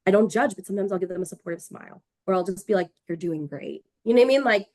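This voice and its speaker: A woman's voice: medium pitch, racing, no echo. A woman on a panel, chatting expressively and acting out quotes in her stories. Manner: expressive, acts out quotes, drops to a whisper at times. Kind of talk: casual panel chat. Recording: dry close sound.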